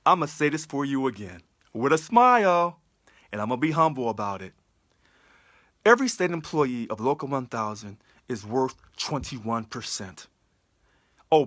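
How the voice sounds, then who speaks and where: A man's voice: medium pitch, animated, moderate pace, fairly bright tone, no room sound, clean studio sound. A man giving an impassioned livestream address as a union election candidate, emphatic, full of repeated rhetorical questions. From California.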